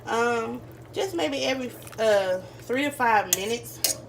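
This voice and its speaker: A woman's voice: fairly high pitch, animated, slow, creaky. A young woman, chatting through a home cooking tutorial and calling the viewers y'all. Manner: chatty, addresses viewers as y'all and you guys. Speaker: cooking vlogger. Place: home kitchen. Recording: slightly distant camera mic, faint room noise.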